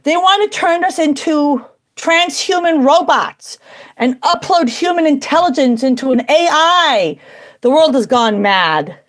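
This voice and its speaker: A woman hosting a livestream from home, talking in an emphatic, repetitive, preaching way. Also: a little high. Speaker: livestream host. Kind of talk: casual livestream monologue. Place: at home indoors.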